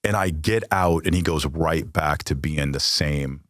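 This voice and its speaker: This American podcast guest speaks at an extremely low pitch, at a measured pace, with a fairly bright tone. He candidly shares a personal story in blunt language, swearing frequently. The sound is clean studio audio without room sound.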